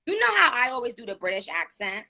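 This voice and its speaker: A woman's voice: a little high, fast, creaky. A woman with a New York accent hosting a live stream, chatting casually with many fillers. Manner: chatty, animated, lots of fillers.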